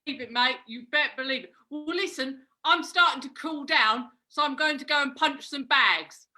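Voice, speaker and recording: A woman plays a blind boxing coach who fancies himself a ladies' man, all patter and ringside slang. The voice sits high and bright, brash and matey. It is improvised comedy on a video call. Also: normal speed. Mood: blokey. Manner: barks boxing patter and count-downs, calls everyone mate. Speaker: improv performer.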